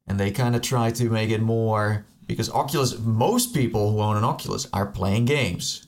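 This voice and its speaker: A man co-hosting a casual tech podcast, animated and excitable, often repeating words as he starts sentences. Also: normal speed. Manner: animated, pitch jumps when excited. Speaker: podcast co-host. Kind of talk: casual group chat.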